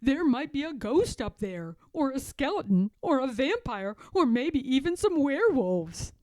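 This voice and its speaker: A woman's voice: medium pitch, animated, takes it slowly, dark tone, dry recording, clean studio sound, pitched below the performer's own voice. A woman voicing a fussy, easily flustered male hippo in a read-aloud picture book, with dramatic exclamations. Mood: scared.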